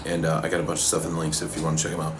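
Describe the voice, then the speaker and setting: A man coaching fitness and answering viewers' questions in a relaxed, casual way while eating, sometimes talking with his mouth full. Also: very deep voice, noisy background. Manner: relaxed, talks with his mouth full, pauses mid-sentence.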